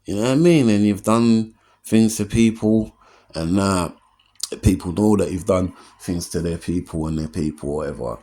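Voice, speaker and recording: This comedian in his 40s hosts his own opinion show, delivering an earnest, streetwise motivational monologue. His low, mellow voice moves at a moderate pace, and he keeps asking "you know what I mean?"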